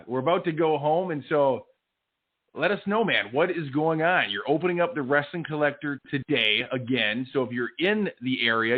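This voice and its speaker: Enthusiastic podcast host on a phone line. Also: male voice, mid-range voice. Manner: enthusiastic, laughing, encouraging. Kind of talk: casual chat.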